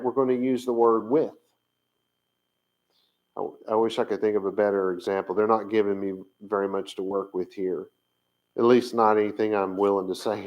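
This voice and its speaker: An unhurried man explaining words to the camera in an everyday teaching talk. He thinks aloud, pauses often and trails off while checking his notes, then picks the thread back up in a plain, average-pitched voice. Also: a little mellow, low-quality recording. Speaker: Bible language teacher.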